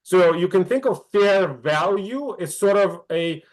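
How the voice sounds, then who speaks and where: A man's voice: high voice, lively intonation, measured pace. A middle-aged man teaching an online class, asking the students questions and often checking in with "right?". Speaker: instructor.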